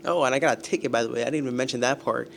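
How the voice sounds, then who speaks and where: Young male vlogger, gravelly voice, exasperated and self-mocking, light noise underneath. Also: medium pitch, racing. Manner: self-deprecating, exasperated, groaning. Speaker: student vlogger. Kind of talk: casual vlog.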